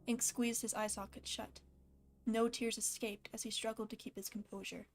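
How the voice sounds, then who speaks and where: A woman's voice: fairly high pitch, flat delivery, normal speed. A woman casually reading a fan story aloud with a slight lisp, stopping now and then to laugh and comment. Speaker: fan fiction reader.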